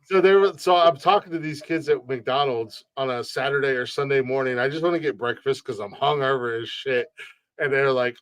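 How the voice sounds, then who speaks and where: Male podcast host, casual swearing storyteller, mid-pitched voice, dry close sound. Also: fairly quick, clean tone, dry recording. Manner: profane, rambling storyteller who repeats words. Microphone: streamed podcast mic.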